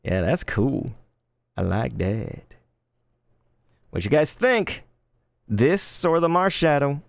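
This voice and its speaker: A man in his thirties chatting casually while opening trading cards live, laid-back and quick to get excited. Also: mid-range voice, gravelly, no room sound. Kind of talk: live card-opening stream chat.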